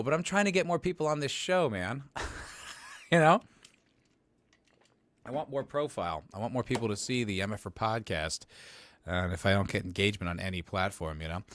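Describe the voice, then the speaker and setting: A man's voice: low voice, a bit bright, dry recording. A man hosting a podcast livestream and reading chat messages aloud, rambling casually, swearing and poking fun at himself. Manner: rambling, profane and self-mocking.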